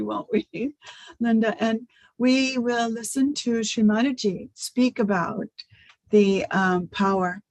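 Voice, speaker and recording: A woman's voice: medium pitch, a little mellow, dry recording, poor audio. A woman co-hosting a meditation session, talking casually, laughing easily and making friendly asides. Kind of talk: casual chat.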